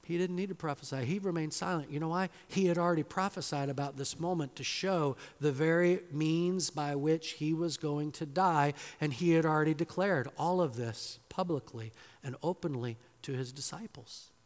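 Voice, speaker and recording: A man's voice: a little high, normal speed, few pauses. A male pastor preaching a sermon, dramatic and emphatic, firing off rhetorical questions. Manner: dramatic, rhetorical questions, acts out quoted voices. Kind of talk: expository sermon. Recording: long reverb of a large hall.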